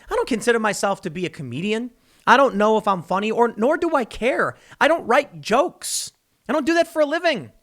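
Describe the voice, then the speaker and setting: A man riffs through a casual commentary vlog in a sarcastic, rambling way. His voice sits high and bright, and it bounces animatedly up and down. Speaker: commentary host.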